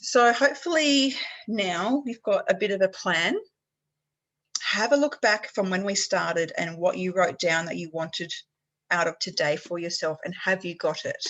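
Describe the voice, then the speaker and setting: A woman coaching a group over a video call. Her voice sits a little low, and her talk is casual and encouraging. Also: a little slow, a bit bright, poor audio. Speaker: health coach leading an online workshop.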